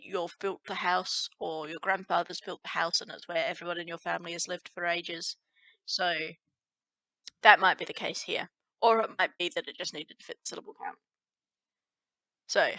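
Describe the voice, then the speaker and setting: A woman teaching a folk song line by line, explaining each word slowly and singing the verses. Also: on the low side, pushed and bright, dry recording. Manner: slow, explains word by word, sings lines. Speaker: language teacher.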